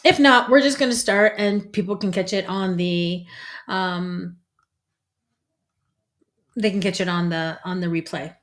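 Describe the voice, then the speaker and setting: A woman's voice: mid-range voice, measured pace, pauses often, a bit bright. A woman, a psychic medium, hosting a casual livestream in a chatty, rambling way and greeting viewers by name.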